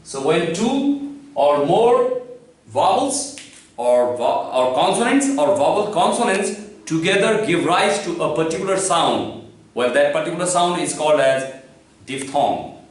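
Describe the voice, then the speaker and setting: A man teaching a language lesson, speaking slowly and deliberately, spelling out letters and repeating words for his students. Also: on the high side, expressive. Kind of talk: classroom-style lesson. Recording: echoey room, from far off the mic.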